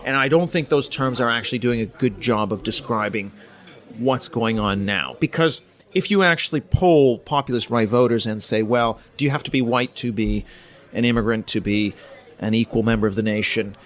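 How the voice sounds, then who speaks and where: Measured professor from Canada explaining. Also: male voice, mid-range voice. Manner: measured, explanatory, with frequent ums and restarts. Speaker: guest, politics professor. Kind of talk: podcast interview, academic explanation.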